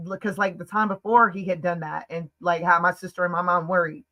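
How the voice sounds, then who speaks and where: A woman from the United States telling a personal story as a podcast guest in casual chat, emphatic and fast-flowing with lots of "like" fillers. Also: lowish voice, fairly even intonation, fairly bright tone, poor audio.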